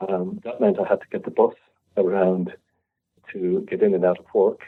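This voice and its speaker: A husky, low-voiced Irish man in his fifties tells an animated story and acts out both sides of the conversation. He comes through a thin, tinny line that sounds like a phone call. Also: normal speed. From Ireland. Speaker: restaurateur guest. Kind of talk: storytelling anecdote.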